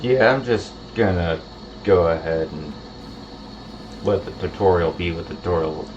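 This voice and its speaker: A man streaming a game, chatting casually and drifting into low mumbled asides. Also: moderate pace, darkish tone. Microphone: home streaming microphone. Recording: muffled lo-fi stream mic with faint hiss.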